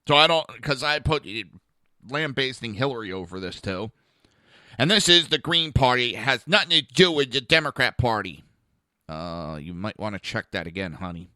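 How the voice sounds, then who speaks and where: A man's voice: mid-range voice, expressive, moderate pace, sharp tone, dry recording, clean studio sound. A middle-aged man hosting a podcast, ranting bluntly with profanity and mocking asides. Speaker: podcast host. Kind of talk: ranting political commentary.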